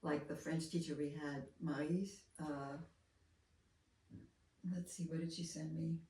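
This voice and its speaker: A woman teaching a hands-on movement lesson, talking in a gentle, soft-spoken, unhurried way. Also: low voice, fairly even intonation. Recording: roomy, from far off, faint room noise.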